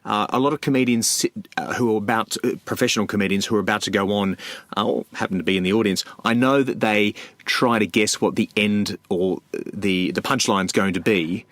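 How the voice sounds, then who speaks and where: Male podcast host, lowish voice, dry sound; halting, rambling questions. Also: fairly bright tone, no room sound. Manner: hesitant, many ums and restarts, rambling questions. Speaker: podcast host, comedy course runner. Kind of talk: casual interview chat.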